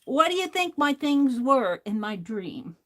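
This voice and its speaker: A woman's voice: high voice, big pitch swings, a little slow, a bit bright. A woman hosting a crafting livestream, chatting to viewers while she works and laughing often. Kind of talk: casual crafting chat while working.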